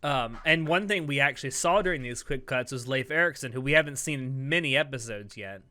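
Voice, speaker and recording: Bright, crisp-voiced man hosting a podcast. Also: mid-range voice, a little fast. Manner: chatty, laughs easily, talks through plot details at length. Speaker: podcast co-host. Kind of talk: casual podcast review chat.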